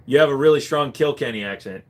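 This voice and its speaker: A man's voice: mid-range voice, quick pace. A man hosting a live stream, chatting casually with viewers, rambling and swearing now and then. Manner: rambling, swears casually, drifts between topics. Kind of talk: casual chat answering viewers.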